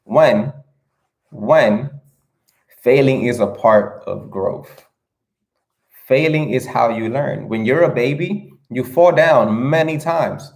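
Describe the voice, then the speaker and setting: A young man gives an earnest, casual motivational talk straight to his camera. His voice has a gravelly, creaky edge at a middle pitch. He circles back over his points and keeps checking in with a quick "right?". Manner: earnest, repetitive, asks "right?" often. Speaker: motivational vlogger.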